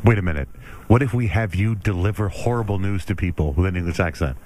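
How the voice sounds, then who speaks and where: A man's voice: low voice, quick pace, darkish tone. A man co-hosting a talk show, joking and rambling in casual banter. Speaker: show co-host.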